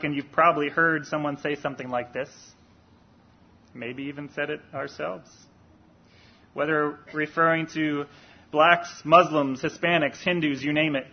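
Man, preacher, sermon, husky fairly high voice, earnest, deliberate, dull lo-fi recording.

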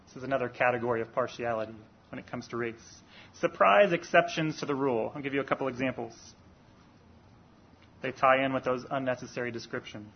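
A man preaching a sermon in an earnest, deliberate way, rising for emphasis on key points. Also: medium pitch, dull audio.

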